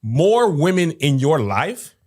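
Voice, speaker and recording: Animated woman podcast host making a case. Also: low voice, slow. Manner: animated, argues points with rhetorical questions. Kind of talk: casual discussion. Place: podcast studio.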